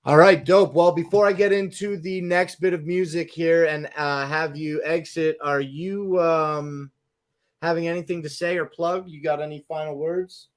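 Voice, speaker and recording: A man's voice: fairly high pitch, fairly even intonation, normal speed. Loose, swearing male show host. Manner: loose, profane, upbeat banter. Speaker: host of an online music show. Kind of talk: casual show hosting.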